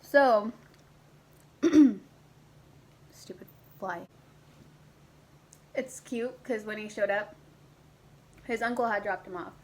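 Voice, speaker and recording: This young vlogger is unhurried and pauses often as she shares a personal story in a casual, animated, slightly crude way, sometimes putting on a high squeaky voice for her younger self. The audio is poor.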